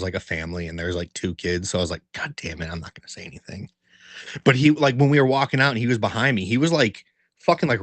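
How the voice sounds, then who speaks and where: A man co-hosting a podcast, telling a story in a casual, animated way, swearing a lot and filling it with "like". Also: fairly low pitch, dry recording. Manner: animated, profanity-heavy storytelling with many fillers; laughs while telling the story. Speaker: podcast co-host. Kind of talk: casual chat.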